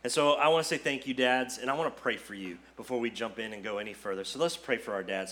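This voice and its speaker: A man's voice: mid-range voice, quick pace, few pauses. A man in his forties, a pastor telling a family story with small jokes in a Sunday sermon, then praying. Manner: storytelling, quips and jokes, then prays softly.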